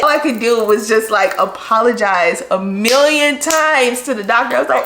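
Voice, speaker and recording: A young woman vlogger telling a personal story, candid and animated, with lots of "like" fillers. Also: fairly high pitch, moderate pace, few pauses. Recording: echoey room.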